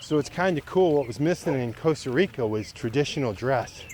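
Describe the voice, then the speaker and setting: Chatting to the camera on a mountain trail for his travel vlog, this man sounds easygoing and excited about the scenery. His medium-pitched voice is a little mellow, animated and brisk, and there's a faint hiss or hum.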